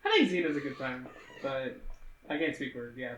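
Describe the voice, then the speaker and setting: A man co-hosting a podcast, recapping a film in relaxed chat and agreeing easily. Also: medium pitch, normal speed, crowd noise. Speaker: podcast co-host. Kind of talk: casual movie-recap chat. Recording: echoey room.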